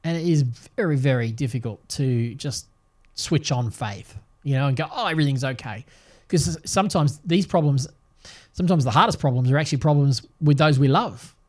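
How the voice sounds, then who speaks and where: An older man hosting a devotional podcast, talking in an earnest, reflective way with gentle restarts. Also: mid-range voice, fairly quick. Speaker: podcast host and Bible teacher.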